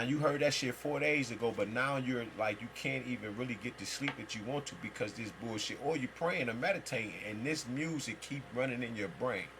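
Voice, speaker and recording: A man's voice: medium pitch, fairly bright tone, slight background noise, poor audio. Male spiritual teacher, mid-range voice, loose and emphatic, swears freely while riffing. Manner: rambling, emphatic and profane, with heavy slang. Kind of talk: free-flowing spiritual monologue.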